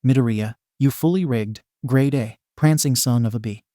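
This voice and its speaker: A stern, fed-up male teacher from a comedy fan story, words pushed out through clenched teeth, voiced by a male narrator. His voice is mid-pitched, and the recording is dry, with no room echo. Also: normal speed, mellow, natural voice. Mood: furious. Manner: seething, clipped through teeth. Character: stern, exasperated adult male homeroom teacher.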